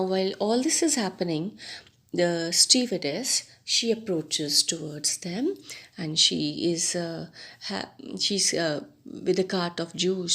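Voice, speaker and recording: A woman teacher, explaining a story line by line to students with many pauses and rephrasings. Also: lowish voice, a bit bright. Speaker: English teacher. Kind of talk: explaining a story text in class.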